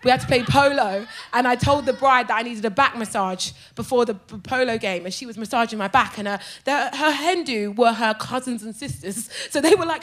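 A woman comedian telling a story as a podcast guest, lively and theatrical, laughing often and swearing freely. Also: fairly high pitch, brisk, hardly any pauses.

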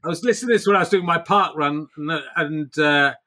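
Bright-toned man, chatty host. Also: on the high side, a little fast. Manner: chatty, laughs often, restarts sentences. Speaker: podcast host. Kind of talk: casual chat.

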